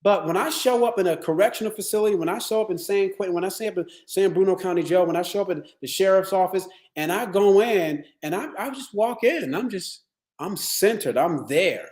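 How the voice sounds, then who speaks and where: A man with a fairly high voice gives a motivational wellness talk. He tells stories in an animated, streetwise way, with plenty of swearing. His voice rings around a roomy, echoey space. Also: a little fast. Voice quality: streetwise, profane, animated storytelling. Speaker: wellness speaker. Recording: echoey room.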